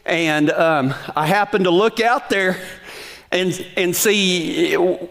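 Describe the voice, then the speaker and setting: A man's voice: high voice, slow, vocal fry, a bit bright. A man telling a folksy story in a sermon, often asking the audience questions. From Texas.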